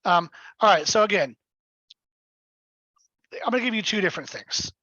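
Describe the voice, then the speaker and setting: High-pitched man running a webinar for sales agents, blunt and emphatic; dull, dry lo-fi call audio. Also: animated, moderate pace, bright, forceful tone, no echo. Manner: blunt and emphatic, often checks in with "right?". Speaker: real estate sales trainer. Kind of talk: live webinar coaching.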